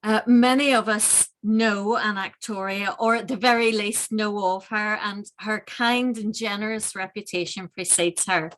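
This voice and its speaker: A woman hosting a summer school event, welcoming the audience and introducing a guest lecturer warmly, with some fillers. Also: mid-range voice, steady tone, measured pace, few pauses, poor audio. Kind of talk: formal introduction.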